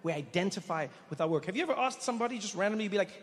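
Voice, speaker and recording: A man doing stand-up storytelling on stage into a handheld mic, animated and breaking into quick voices for the people in his stories. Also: sits high, in a large hall. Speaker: stand-up comedian.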